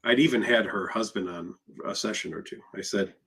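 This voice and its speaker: A man's voice: lowish voice, fairly quick, vocal fry, a bit bright, breathy edge. A man who is a therapist, answering questions in a live session in an emphatic, conversational way, full of rhetorical questions. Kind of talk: live Q&A talk.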